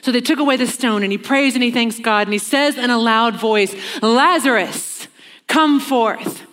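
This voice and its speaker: A woman preaching a sermon in an earnest way, slowing down for emphasis and acting out the lines she quotes. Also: on the high side, fairly bright tone. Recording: long reverb of a large hall.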